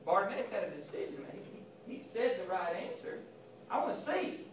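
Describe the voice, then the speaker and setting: In an echoey chapel, recorded from far off with background noise, a man delivers a casual sermon to students. His high voice is animated and brisk as he chats with them and voices characters from Bible scenes.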